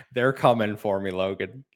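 A man's voice: fairly low pitch, a little slow. A man hosting a gaming podcast, casual and blunt, giving frank opinions with a joking edge. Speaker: podcast host. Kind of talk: casual chat.

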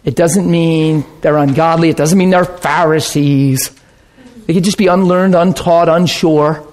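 Male preacher, slightly high voice, lively storytelling sermon with laughter and sound effects. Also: measured pace. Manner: animated, laughs often, breaks into sound effects.

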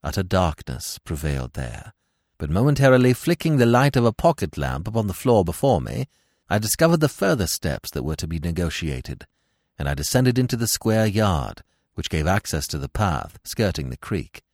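A man's voice: low voice, sing-song, normal speed, darkish tone, no echo, clean studio sound. A man narrating a classic adventure tale in a dramatic, suspenseful reading style.

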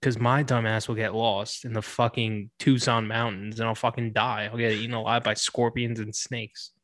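A man's voice: lowish voice, little pitch movement, normal speed, a bit bright, no room sound. A young man from New York, chatting casually as a podcast co-host, laid-back and wry with frequent swearing. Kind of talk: casual chat.

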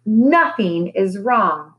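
A woman doing a soft-spoken grieving magician. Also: mid-range voice, muffled recording, lightly acted. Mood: soft, calm. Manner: soft, slow and quiet.

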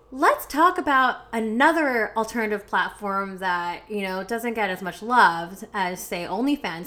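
A woman's voice: medium pitch, pushed and bright. A woman from Canada hosting a podcast, chatting casually and laughing often. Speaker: podcast host.

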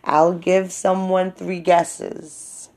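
A woman with a slightly low voice tells stories at a slow, unhurried pace. It is a loose, casual monologue in which she laughs often and swears freely. She acts out what other people said to her. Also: flat delivery, a little mellow. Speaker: vlogger.

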